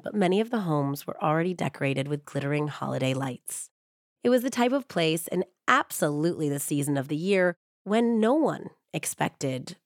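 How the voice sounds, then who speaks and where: A woman hosting a true crime podcast, her voice husky and a touch hoarse from a cold. She sits a little low in her range and talks with chatty warmth before settling into a steady narrating read. The studio sound is close and dry. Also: no room sound. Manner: upbeat and chatty, with a measured storytelling read.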